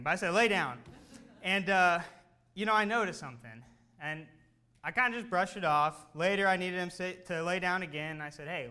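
A man's voice: a little high, bright, forceful tone, clear, resonant tone. A man preaching a conversational sermon, telling a story and then pressing his listeners with urgent exhortation.

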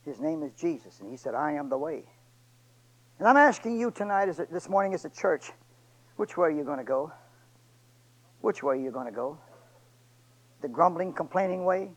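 A man preaching a sermon and retelling a story, pleading with his church and swinging between loud and hushed delivery. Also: a little high, expressive, normal speed, pauses often, poor audio.

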